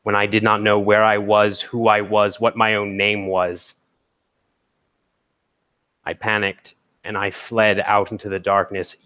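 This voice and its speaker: A man voicing a grave, confused armored construct who speaks in slow, halting phrases. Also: fairly low pitch, monotone, bright, forceful tone. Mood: stricken.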